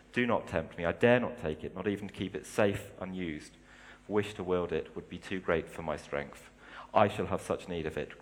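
A man's voice: sits low, pitched below the performer's own voice, lightly acted. A man reading the lines of a grave, wise old male wizard. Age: older. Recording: long hall reverb.

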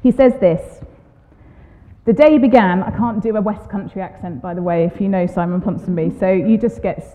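A woman with a Southern English accent giving a sermon in church, reading a testimony aloud with expressive asides. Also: mid-range voice, a little fast, hardly any pauses. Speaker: preacher. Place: church hall. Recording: tinny phone-like sound, long hall reverb.

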